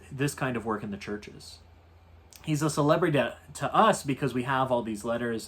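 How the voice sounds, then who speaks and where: A man leading a Bible study as a priest, in a relaxed, thoughtful, conversational teaching manner. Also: medium pitch. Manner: relaxed, thoughtful, with "you know" asides.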